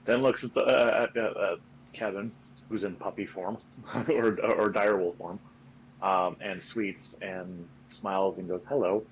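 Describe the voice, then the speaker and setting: A man narrating his characters' actions in a tabletop game, halting with many fillers. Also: deep voice, fairly even intonation, highs cut off, slight background noise. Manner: halting, full of ums and uhs. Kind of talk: casual tabletop role-play narration.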